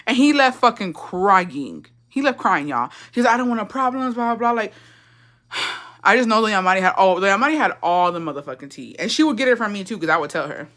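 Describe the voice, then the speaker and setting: A young woman hosts a livestream, chatting casually as she tells a profane, gossipy family story, laughing and slipping Spanish phrases into her English. Her medium-pitched voice is expressive and fairly bright, and she talks a little fast.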